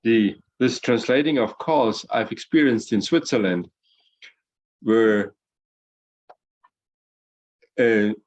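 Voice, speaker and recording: A man in the class telling an anecdote haltingly, searching for words. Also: on the low side, darkish tone, lo-fi sound. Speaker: participant in the class.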